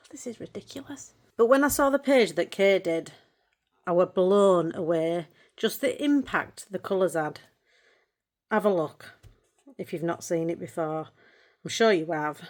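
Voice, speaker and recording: A middle-aged woman, talking casually and warmly about her hobby books. Her voice sits in an ordinary middle pitch. Her talk is chatty and emotional, broken up by frequent laughter. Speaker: colouring channel vlogger. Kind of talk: casual chat showing books.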